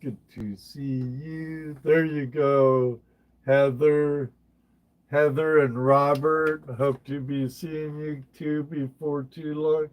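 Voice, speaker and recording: Guy hosting a live stream, real slow and drawn out, keeps repeating himself, talks to chat. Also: on the high side, flat delivery. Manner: chatty, addresses chat viewers by name, repeats phrases. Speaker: livestream host. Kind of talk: casual livestream chat.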